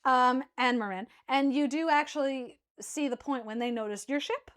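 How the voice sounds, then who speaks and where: A woman with a high voice runs a tabletop game, chatty and loose. Her narration is full of fillers and small laughs. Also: moderate pace, a bit bright, smooth. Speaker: dungeon master.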